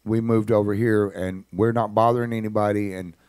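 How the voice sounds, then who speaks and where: A man's voice: on the low side, fairly even intonation, fairly quick, a little mellow, clean tone, no room sound, studio quality, lightly acted. A man voicing a struggling mother who pleads anxiously and hurries to defend herself.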